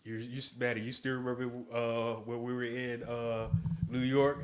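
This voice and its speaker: A man on a talk show telling stories in a hesitant, halting way. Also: mid-range voice, level tone, clean tone. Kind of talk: casual chat.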